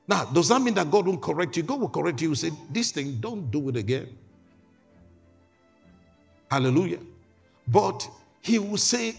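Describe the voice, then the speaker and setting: Husky emphatic male preacher. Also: mid-range voice. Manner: emphatic, repeats words, calls for amens. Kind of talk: sermon.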